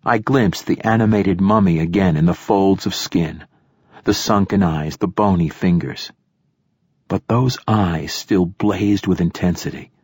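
A man reading a first-person novel aloud as an audiobook narrator, in a dry, measured way. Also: low voice, darkish tone, breathy edge, no echo.

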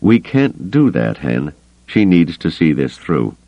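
A man voicing an earnest young male Jedi, calm and quietly confident, in an audiobook. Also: rumbling low, takes it slowly, no echo, highs cut off, full character voice. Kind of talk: audiobook character voice.

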